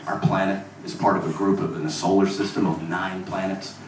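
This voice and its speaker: A stand-up comedian from Mississippi working a club crowd with crude, profane jokes and deadpan asides. His voice sits at a middle pitch and comes through roomy and distant, with steady noise behind it. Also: fairly quick. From Mississippi, USA. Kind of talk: stand-up routine. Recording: echoey club recorded from far off.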